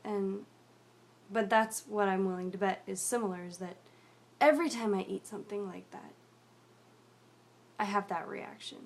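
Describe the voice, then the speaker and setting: A young woman telling a personal story in a video diary, rambling and confessional with many fillers, often dropping to a quiet mutter. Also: medium pitch, creaky, a little hiss or hum.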